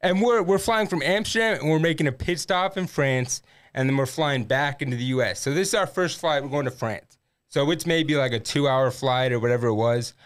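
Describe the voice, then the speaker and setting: A man's voice: medium pitch, brisk. A young man, a podcast guest, telling a crude comedic story and laughing through it. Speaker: podcast guest, former Paralympic athlete.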